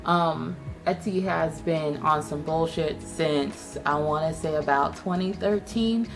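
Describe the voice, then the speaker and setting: A young woman hosting a casual online chat show, sassy and profane, telling a story with animated swings in her voice. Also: sits low, slow pace, vocal fry, music in the background. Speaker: YouTube host.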